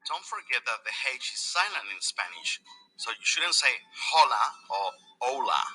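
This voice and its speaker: A zany marshmallow professor played by a man leads a kids' Spanish video in a sharply bright, husky voice. The pitch leaps wildly up and down while he drills words slowly. Faint music plays behind him. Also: sing-song, exaggerated voice. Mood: teaching. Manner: exaggerated, sing-song, repetitive drills. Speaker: video teacher character.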